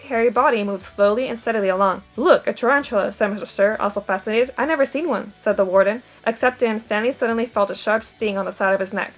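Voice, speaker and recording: A woman with a somewhat high voice reads a chapter of a novel aloud in steady storytelling fashion. She gives the quoted characters light voices of their own. Soft music plays faintly behind her. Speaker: audiobook reader.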